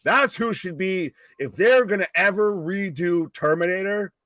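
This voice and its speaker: Man, fairly high voice, dry close sound, cursing, excitable wrestling chat. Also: measured pace, dry recording. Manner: profane, excitable, talks over others. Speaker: co-host. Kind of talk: casual live wrestling commentary.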